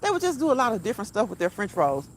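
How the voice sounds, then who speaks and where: A woman's voice: medium pitch, big pitch swings, very fast, a little hiss or hum, poor audio. A woman talking casually to her viewers while out on a walk, stressing her points by repeating them. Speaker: vlogger. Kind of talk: casual walk-and-talk monologue. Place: outdoors while walking.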